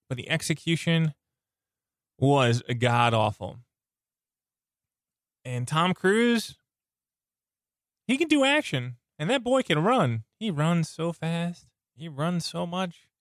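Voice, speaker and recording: A man's voice: fairly high pitch, fairly bright tone, no room sound, clean studio sound. A man hosting a podcast while sick, his voice strained, rambling enthusiastically with a lozenge in his mouth. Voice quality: sounds like something in his mouth. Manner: rambling, enthusiastic, self-interrupting. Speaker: podcast host. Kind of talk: casual podcast chat. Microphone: close podcast mic.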